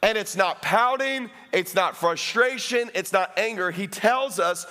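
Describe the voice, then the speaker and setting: A pastor delivers a lively sermon in a high, ringing voice. His tone is bright and forward, and he talks straight to the congregation. He keeps the energy up and bursts into loud, comic shouts. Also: unhurried, clean tone. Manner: addresses the congregation directly.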